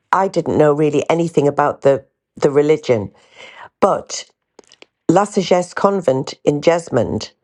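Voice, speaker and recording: Chatty, lowish-voiced woman. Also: darkish tone. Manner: chatty and candid, rambling with asides. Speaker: podcast host. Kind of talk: casual storytelling chat.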